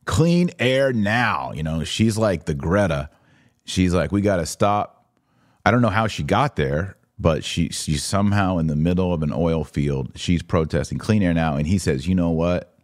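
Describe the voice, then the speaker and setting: A middle-aged man hosting a podcast, walking through a series of images with wry, sarcastic commentary and quick put-on voices for the people in them. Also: deep voice, darkish tone, no room sound, clean studio sound. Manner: wry, sarcastic, acts out quoted figures. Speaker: podcast host.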